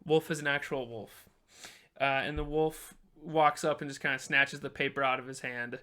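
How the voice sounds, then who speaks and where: A man's voice: mid-range voice, steady tone, normal speed, a loud crowd. A man narrating as game master of a tabletop game in a loose, filler-heavy way, voicing the townsfolk himself.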